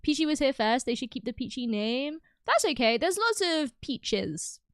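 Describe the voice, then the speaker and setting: A woman's voice: high-pitched, sing-song, moderate pace, dry recording, clean studio sound. A young woman streaming, chatting casually with her viewers, bubbly and giggly, often breaking into laughter. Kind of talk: casual chat with live chat.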